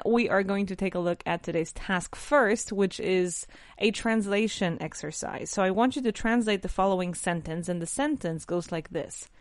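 A woman hosting an English lesson podcast, her voice nasal from allergies, chatty and quick to correct herself. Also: mid-range voice, no echo, studio quality. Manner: chatty, self-correcting, lively. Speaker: English teacher, podcast host. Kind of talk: casual language lesson.

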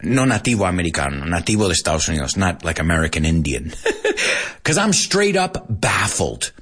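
A man with a low, husky voice runs an English lesson, explaining each new word in Spanish as well. His delivery is highly animated, and his pitch leaps up and down as he goes. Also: brisk. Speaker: English teacher. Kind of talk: bilingual language lesson.

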